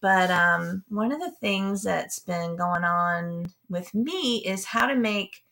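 A woman's voice: mid-range voice, slow pace, bright, forceful tone. A woman co-hosting a podcast in casual chat, from Canada, who giggles often and talks in a bubbly way. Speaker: podcast co-host.

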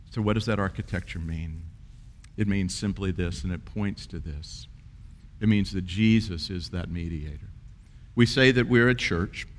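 A man, preaching a sermon in an earnest storytelling way that builds to emphatic peaks. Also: on the low side. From South Carolina, USA. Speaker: pastor.

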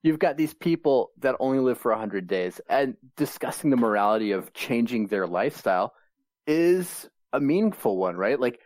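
A man's voice: mid-range voice, lively intonation, normal speed, darkish tone, dry recording. A man co-hosting a podcast, critiquing an episode in an emphatic way. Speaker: podcast co-host. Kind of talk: casual critique.

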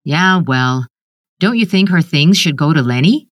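A woman's voice: low-pitched, animated, a little slow, dry recording, studio quality. A woman reading the lines of a curt, defensive, ailing father in a short story.

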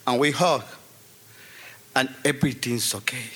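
A man's voice: mid-range voice, steady tone, normal speed, long pauses, sharp tone. A middle-aged man telling a personal story before an audience, in an earnest, emphatic way that repeats key phrases.

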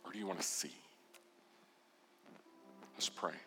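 A man preaching a sermon as pastor, telling the story with expression and acting out quoted lines, sometimes dropping to a soft, intense voice. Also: low voice, unhurried, big-room sound, faint music behind.

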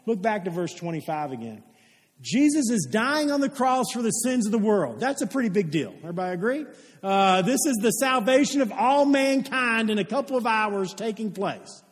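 A man's voice: high-pitched, sing-song, moderate pace. A man preaching a sermon as a pastor, telling stories with earnestness and putting questions to his congregation. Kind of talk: sermon with storytelling. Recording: long hall reverb.

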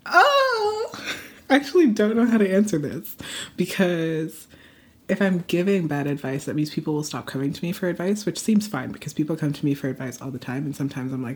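A woman with a New York accent co-hosting a casual podcast, animated, blunt and laughing a lot. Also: deep voice, fairly quick. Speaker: podcast co-host.

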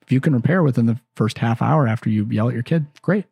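A man with a mellow, slightly husky voice hosts a parenting podcast and speaks in an earnest, chatty way. He often repeats and restarts his phrases. The sound is dry and close, with no room echo. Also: mid-range voice, fast. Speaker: parenting podcast host and counselor. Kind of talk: casual advice talk.

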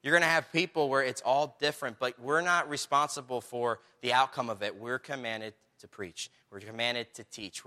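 Energetic bright-voiced preacher man. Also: medium pitch. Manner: energetic storytelling preacher, acts out quotes. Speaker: pastor. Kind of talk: sermon.

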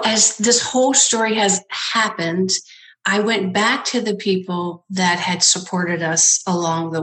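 A woman's voice: medium pitch, a bit bright. A woman who founded a nonprofit, telling her story in a conversational interview, laughing often and acting out the people she quotes.

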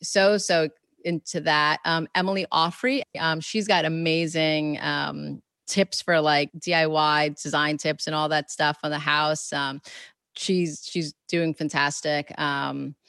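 A low-pitched woman with a gravelly edge to her voice, speaking in a relaxed, reflective interview tone. She circles back and restarts her thoughts often, full of "you know" and "like". The sound is close and dry, with no room around it. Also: measured pace, dry recording. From New York. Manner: warm, reflective, many fillers and restarts. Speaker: guest author and educator. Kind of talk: casual interview conversation.

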